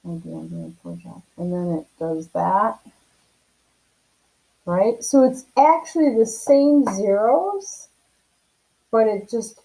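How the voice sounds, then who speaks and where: A woman's voice: mid-range voice, dark tone, low-quality recording. A woman teaching a math lesson on video from home, explaining casually and often checking in with "right?".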